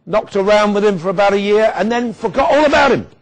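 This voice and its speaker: A man giving a storytelling speech with wry humour and dramatic pauses. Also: high voice, expressive. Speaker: guest speaker.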